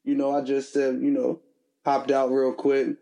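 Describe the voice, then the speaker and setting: Podcast co-host, man with a mid-range voice, relaxed slangy delivery. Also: medium pitch, normal speed, vocal fry, muffled recording. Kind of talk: casual chat.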